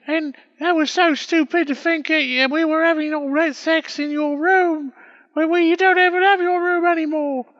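A British man putting on a very high voice as a fake mother who rambles and halts with fillers. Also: fairly bright tone, muffled recording. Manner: rambling, halting with many fillers. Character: a man faking a middle-aged mother. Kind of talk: comedic phone message bit.

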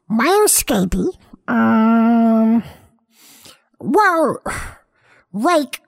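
A woman's voice: a little high, heavily acted. A woman doing a rambling, dim boy host. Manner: rambling, halting, easily sidetracked. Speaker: podcast host. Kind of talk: comedy podcast character.

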